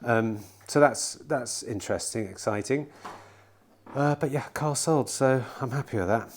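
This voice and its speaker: Here a middle-aged used car dealer vlogs casually to camera, rambling and swearing from time to time, outside in bright sun at a car lot. His voice is lowish, his pace moderate, and a little hiss or hum can be heard.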